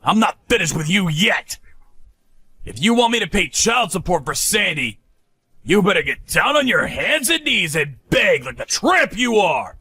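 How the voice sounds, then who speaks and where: A man's voice: sits high, very animated, measured pace, bright, forceful tone, breathy edge, heavily acted. A man voicing a cruel, contemptuous middle-aged ex-husband who taunts his former wife. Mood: scornful.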